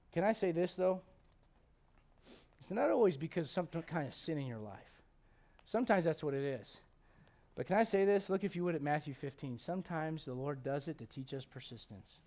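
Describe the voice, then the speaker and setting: A middle-aged man preaching a sermon to a congregation, animated and joking with the crowd, quoting God and people in playful voices. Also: a little high. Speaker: pastor. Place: church.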